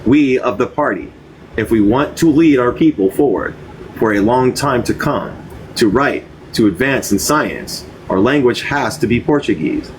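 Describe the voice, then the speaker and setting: A man's voice: medium pitch, lively intonation, a little hiss or hum, low-quality recording. Man reading aloud, stumbling and restarting. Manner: halting, stumbles and restarts words. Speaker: reader of a translated speech.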